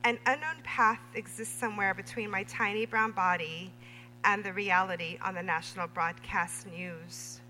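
A woman reading her own memoir prose aloud at a literary reading, measured and deliberate. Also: mid-range voice, bright, forceful tone. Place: reading event in a hall. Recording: reverberant hall with faint hum.

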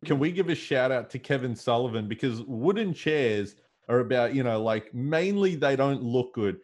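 A man's voice: medium pitch, lively intonation, normal speed, a little mellow. A man co-hosting a podcast, chatting casually with jokes and laughing asides. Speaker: podcast co-host. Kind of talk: casual chat.

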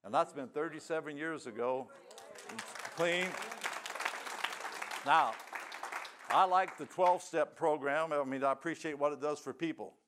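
A man's voice: a little high, measured pace, long pauses, a crowd in the background, noisy background. Older man preaching a folksy testimony. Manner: folksy storytelling with rural grammar. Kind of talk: sermon testimony.

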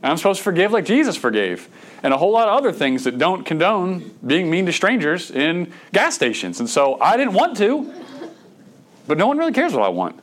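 A man's voice: sits high, big pitch swings, a little fast. A middle-aged man, preaching a sermon in a conversational way, with stammered restarts and bursts of emphasis. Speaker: pastor.

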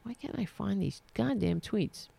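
A woman's voice: medium pitch, unhurried, gravelly, mellow, slightly rough. A woman delivering a heated, sarcastic, profane political rant, speaking for herself. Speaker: political commentator.

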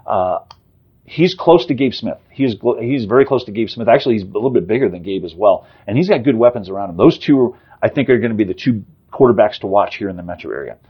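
A man in his fifties talks fast as a sportswriter guest, his lowish voice husky, full of fillers and quick restarts. The recording is dull and lo-fi. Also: expressive. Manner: rapid off-the-cuff talk with frequent fillers and restarts. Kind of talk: casual sports interview.

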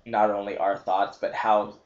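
A man co-hosting a podcast in casual chat, relaxed and rambling with fillers. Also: lowish voice, moderate pace. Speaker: podcast co-host. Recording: roomy, slightly dull home podcast audio.

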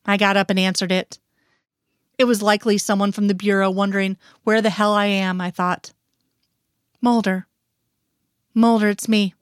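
A woman reads a first-person story aloud at a steady, measured pace. Her voice sits in a middle register. The recording is dry and close. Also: medium pitch, clean tone, dry recording. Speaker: reader. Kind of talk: first-person fiction reading.

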